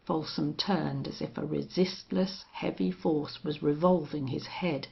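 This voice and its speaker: Slow, gravelly woman reading an audiobook. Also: deep voice, fairly even intonation. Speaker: audiobook narrator. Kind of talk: audiobook narration. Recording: dull lo-fi audio.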